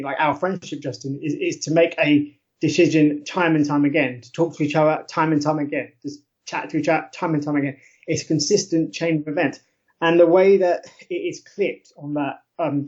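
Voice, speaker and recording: A man speaking as an academic podcast guest, explaining ideas conversationally, often laughing and correcting himself mid-sentence. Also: fairly high pitch. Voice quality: animated, laughs often, frequent self-corrections. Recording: muffled lo-fi audio.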